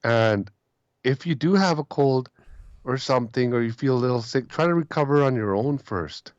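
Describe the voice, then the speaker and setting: A man's voice: mid-range voice, expressive, normal speed, no echo, lo-fi sound. A man calling in to a talk show, telling a long story and repeating his words as he goes. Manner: rambling, repeats himself, quotes others. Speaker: caller.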